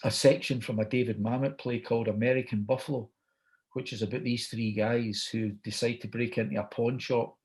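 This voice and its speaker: A middle-aged Scottish man, appearing as a guest storyteller, chats through an anecdote and quotes people in dialogue as he goes. His voice is fairly low in pitch with a darkish tone.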